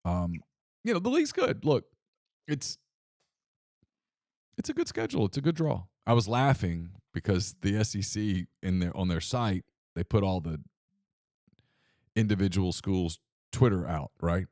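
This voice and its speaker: Animated male podcast co-host, dry sound. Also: deep voice, measured pace, pauses often, dry recording. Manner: animated storyteller, acts out quoted voices. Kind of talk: casual sports talk.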